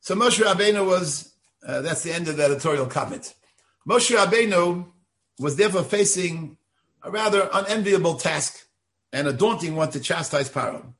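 Earnest older rabbi, slightly high voice. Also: male voice, lively intonation, a bit bright. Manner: earnest, deliberate lecturing tone. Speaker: rabbi of a synagogue. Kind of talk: Torah lecture.

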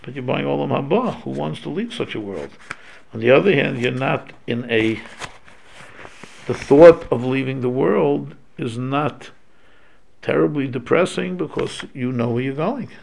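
A man's voice: mid-range voice, lively intonation, unhurried, vocal fry, darkish tone, slight background noise. A man giving an informal religious lecture, talking in a loose conversational way with many restarts and Hebrew terms mixed in. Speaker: Torah teacher.

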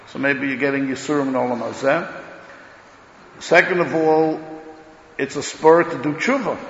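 Gravelly man giving a Torah lecture. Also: a little high, a little hiss or hum. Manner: emphatic, swings between loud declarations and muttered asides; talks loudly, says he is hard of hearing. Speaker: rabbi giving a Torah class. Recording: dull echoey hall recording.

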